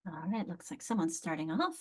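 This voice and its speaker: A woman's voice: lowish voice, big pitch swings, brisk, darkish tone, slightly rough. A woman presenting an online literacy training over a video call, explaining with frequent restarts and emphatic examples.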